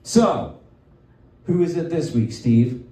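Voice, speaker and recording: A man hosting a live stand-up comedy show, talking in a manic, loud way and slipping into mocking voices. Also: a little high, expressive, takes it slowly. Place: live comedy venue with audience. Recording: roomy live venue, mic at a distance.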